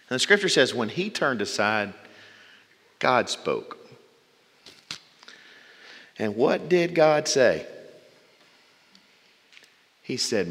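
A male preacher delivering a sermon with folksy humorous asides, swinging between loud bursts and hushed, drawn-out phrases. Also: medium pitch, very animated. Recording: long reverb from a large hall.

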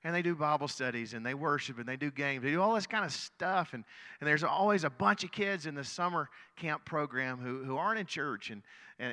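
A man's voice: a little high, sharp tone, in a large hall. A middle-aged male pastor telling a story in a sermon, earnest, often repeating words as he goes.

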